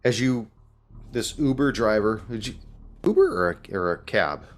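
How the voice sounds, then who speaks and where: A man's voice: on the low side, animated, moderate pace. A man narrating a tabletop game as game master, in a laid-back way with casual fillers.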